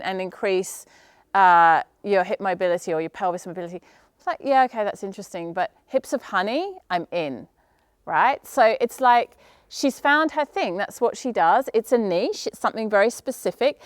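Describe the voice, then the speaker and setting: A middle-aged woman coaching yoga teachers at a live conference, chatty and lively, with many rhetorical questions and a habit of saying "right?". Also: medium pitch, no echo, clean studio sound. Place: conference room.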